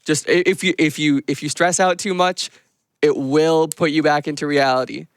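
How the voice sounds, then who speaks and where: Calm, smooth-voiced tabletop player. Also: medium pitch, moderate pace, dry recording, studio quality. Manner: calm, reassuring, deadpan. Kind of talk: live tabletop role-play.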